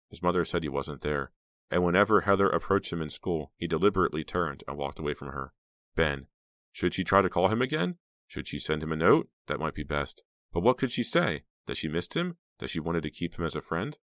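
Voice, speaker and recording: A man narrating a storybook in an even, measured reading. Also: a bass voice, no room sound, studio quality. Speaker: audiobook narrator.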